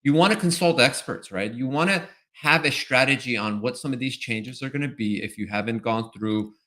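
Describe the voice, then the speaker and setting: Give me a man with a bright, clear voice explaining things patiently as a webinar guest. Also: mid-range voice, normal speed. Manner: explanatory, tags points with "right?". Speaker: compliance expert guest. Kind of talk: webinar interview answers.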